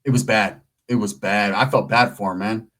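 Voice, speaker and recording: A man's voice: lowish voice, steady tone, moderate pace, fairly bright tone. A middle-aged man rambling through a profane, streetwise story while vlogging. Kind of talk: casual storytelling to camera.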